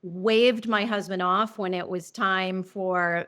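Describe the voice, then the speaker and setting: A middle-aged woman, an interview guest telling a personal story, earnest and emotional, halting and restarting often. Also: medium pitch, steady tone, a bit bright, clear, resonant tone. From New Orleans.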